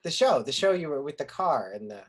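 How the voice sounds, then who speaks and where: A woman playing a low, husky awkward young man. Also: sing-song, brisk. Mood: awkward, needling. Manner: hesitant, dry. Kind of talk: staged reading over video call. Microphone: video call.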